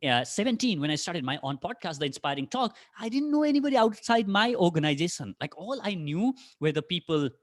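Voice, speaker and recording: A man with an Indian English accent speaks in a fairly high, lively voice, addressing an online conference crowd with question after question. The recording is dry and close, with no room sound around him. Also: brisk, hardly any pauses, no room sound. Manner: animated, addresses audience directly with many rhetorical questions. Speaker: podcaster giving a career talk. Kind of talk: energetic online conference talk.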